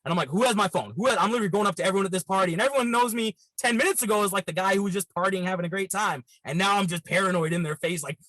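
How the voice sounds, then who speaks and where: This is a rough, echo-free recording of a thirty-something Canadian comic, guesting in a casual chat and spinning a wild, profane party story. He talks very fast in a high-sitting voice, hardly pausing, all animated, rambling anecdote.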